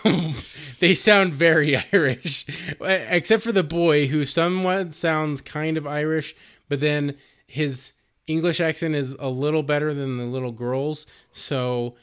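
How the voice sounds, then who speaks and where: A man's voice: a little high, measured pace, fairly bright tone, clear, resonant tone. A man co-hosting a podcast, reviewing a movie in casual chat, rambling with frequent laughs and swearing. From United States. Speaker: podcast co-host.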